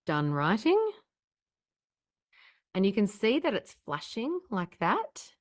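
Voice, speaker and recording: A woman trainer narrating a recorded software tutorial step by step at her desk microphone, upbeat and explanatory. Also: medium pitch, very animated, slow, no echo, clean studio sound.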